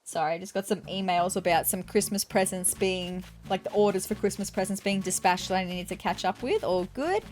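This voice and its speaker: A woman's voice: mid-range voice, brisk, few pauses. A woman hosting a casual let's-play, chatting through her game and reading dialogue aloud. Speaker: gaming video host.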